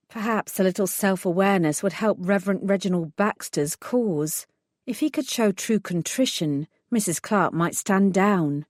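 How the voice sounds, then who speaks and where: A woman narrating a first-person audiobook in an even, clear manner. Her voice sits at a middle pitch, close and dry from the studio booth. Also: normal speed, no echo.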